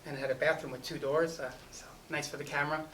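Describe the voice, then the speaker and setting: A man's voice: on the high side, level tone, fast talker, fairly bright tone, recorded from a distance, low-quality recording. A man spins a loose, rambling story about his film shoot, peppering every sentence with filler and restarting his thoughts. He sounds set back from the mic, with a faint wash of ambient noise behind him. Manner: rambling, full of "you know" and restarts. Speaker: film director speaking at a festival. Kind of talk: casual anecdote storytelling. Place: festival event.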